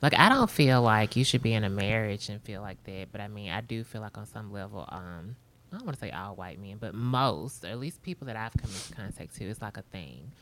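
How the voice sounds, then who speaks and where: A woman co-hosting a casual chat show, teasing her partner and speaking softly, often trailing off quietly. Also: rumbling low, lively intonation, brisk. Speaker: podcast co-host.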